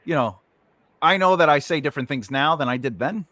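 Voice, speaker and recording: A man's voice: on the high side, a little fast, no echo. A man hosting a podcast, chatting casually and cracking jokes. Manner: joking, playful, animated. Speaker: podcast host. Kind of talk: casual comedic chat.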